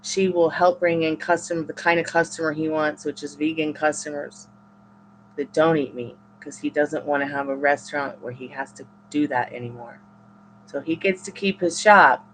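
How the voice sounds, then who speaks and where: A woman reading tarot on a live stream, chatting casually with viewers and rambling in halting, restarting sentences. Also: low voice, steady tone, a little hiss or hum.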